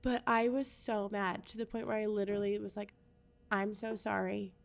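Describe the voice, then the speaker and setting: A woman's voice: medium pitch, steady tone, brisk. A woman in her thirties telling a long family story in casual chat, acting out the lines of everyone in it. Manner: chatty storytelling, acts out quoted exchanges.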